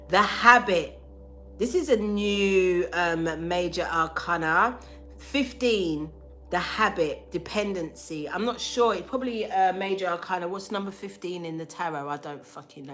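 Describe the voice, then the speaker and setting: A young woman giving a live tarot reading to viewers, loud, profane and animated, with a sore throat. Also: lowish voice. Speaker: tarot reader.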